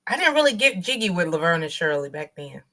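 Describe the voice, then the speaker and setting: A woman in her thirties in relaxed, laughing chat on a trivia livestream, reading out viewer comments. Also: on the low side, fast. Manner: laid-back, laughs often, reads viewer comments aloud. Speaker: livestream co-host.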